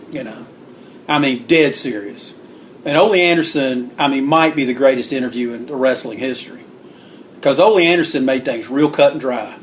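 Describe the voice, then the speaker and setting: A man tells old stories in a loose, rambling way. His voice sits a little high, and he jumps higher still to act out what others said. A faint hiss of noise runs behind him. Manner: rambling, acts out quotes with raised pitch. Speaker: interview guest, wrestling book author. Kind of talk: casual storytelling.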